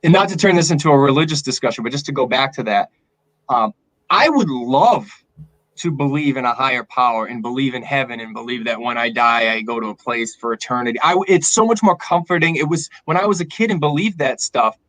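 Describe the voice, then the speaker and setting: A man's voice: mid-range voice, brisk, a bit bright, dry recording, low-quality recording. A man from south of Boston with an Eastern Massachusetts accent, talking as a guest on a live stream over a video call in a candid, reflective way. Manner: candid, reflective, with frequent restarts. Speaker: guest filmmaker. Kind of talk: casual live-stream chat.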